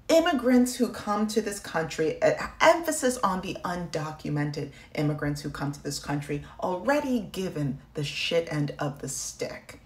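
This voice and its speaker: Impassioned woman in an echoey room. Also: low voice. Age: 30s. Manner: impassioned, animated, sarcastic. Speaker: video creator. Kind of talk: political commentary vlog.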